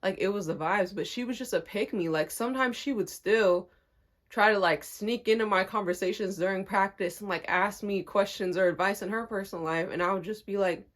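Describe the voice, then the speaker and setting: A woman's voice: medium pitch, fairly quick, fairly bright tone. A young woman telling a casual storytime, acting out quotes and laughing often. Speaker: storytime vlogger.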